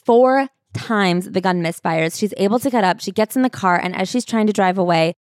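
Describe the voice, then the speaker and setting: A woman co-hosting a casual book podcast, retelling events with wry, deadpan asides. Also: medium pitch, moderate pace, dry recording, clean studio sound. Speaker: podcast co-host. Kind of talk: casual book-recap chat.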